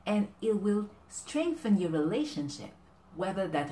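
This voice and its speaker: A woman talking casually to camera with relationship advice, animated and halting, often restarting her sentences. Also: mid-range voice, roomy sound, slight background noise. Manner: animated, often acting out quoted exchanges. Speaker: vlogger giving relationship advice.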